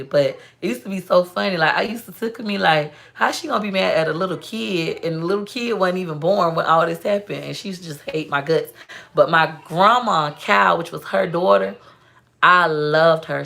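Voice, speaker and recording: A young woman talks straight to her livestream viewers in a loose, storytelling way. Her voice sits low, with a gravelly, fry-tinged texture. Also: fairly bright tone. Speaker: livestream host. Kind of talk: casual live-stream chat.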